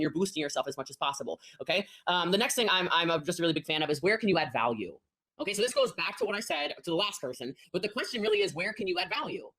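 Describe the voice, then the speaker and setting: Fast-talking female sales coach, emphatic, slips into mock voices. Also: lowish voice, fairly bright tone. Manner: rapid, emphatic, acts out quoted voices. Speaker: network marketing coach. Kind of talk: live coaching call advice.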